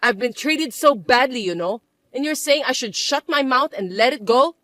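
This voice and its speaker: A scheming, bossy mother-in-law, played by a woman in a story drama. Her voice sits high and rides wide, indignant swings, with shrill, accusing complaint in every line. The recording is dry and close. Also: animated, normal speed, a bit bright, no room sound. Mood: self-pitying.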